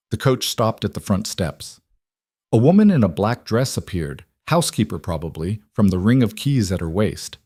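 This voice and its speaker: A man reading scripted story narration in a measured, even way. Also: fairly low pitch, dry recording, clean studio sound.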